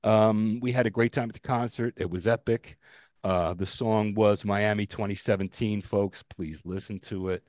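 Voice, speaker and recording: A man's voice: lowish voice, steady tone, normal speed, a little mellow, no echo, clean studio sound. A man co-hosting a casual podcast, ranting about a pet peeve, swearing freely and restarting his sentences. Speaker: podcast co-host.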